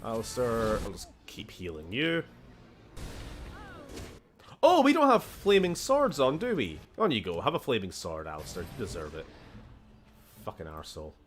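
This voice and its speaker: A man's voice: fairly low pitch, huge pitch swings, moderate pace, pauses often, music in the background. A man with a Scottish accent chatting casually and swearing while streaming a game. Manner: chatty, swears, laughs often, shifts tone a lot. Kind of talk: casual gameplay commentary.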